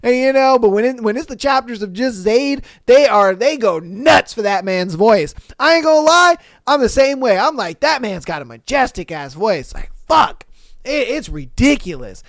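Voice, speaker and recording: A young man hosting a podcast in a casual, slangy way, laughing often and swearing freely, with a fairly high voice that has a little depth. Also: sing-song, moderate pace, fairly bright tone, dry recording, studio quality. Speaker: podcast host. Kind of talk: casual podcast chat reading listener answers.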